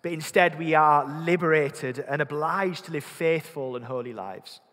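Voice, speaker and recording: A man's voice: fairly high pitch, moderate pace, a bit bright. A man with a Yorkshire accent preaching a sermon, earnest, repeating words as he thinks and putting questions to the congregation. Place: church. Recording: long hall reverb.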